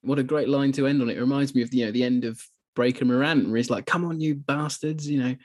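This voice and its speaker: A man co-hosting a film podcast, talking enthusiastically and getting animated as he retells scenes. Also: medium pitch, quick pace. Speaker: podcast co-host. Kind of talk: casual podcast chat.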